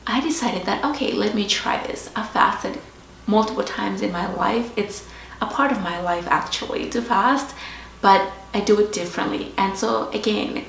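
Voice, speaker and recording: A woman host sharing a personal story in a slow, reflective, confessional way. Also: mid-range voice, creaky, a bit bright. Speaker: podcast host. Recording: roomy echo with faint background hiss.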